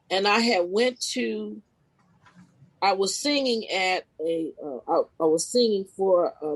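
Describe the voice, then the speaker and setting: A woman guesting on a podcast as a spiritual life coach, telling a personal story casually and expressively, her voice leaping high at the big moments. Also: husky, rough recording. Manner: animated, expressive retelling with sudden pitch leaps; casual, informal phrasing with restarts.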